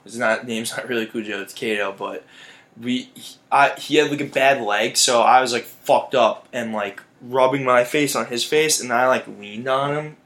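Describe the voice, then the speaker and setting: A man's voice: mid-range voice, moderate pace, a bit bright, a little hiss or hum. Laid-back young man, casual chat. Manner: laid-back, filler-heavy, swearing. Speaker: podcast co-host.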